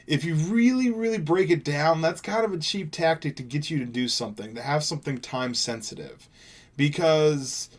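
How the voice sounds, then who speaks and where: A man's voice: fairly high pitch, moderate pace. Laid-back young man rambling over gameplay. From Seattle, USA. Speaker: gaming YouTuber. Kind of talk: casual gameplay commentary.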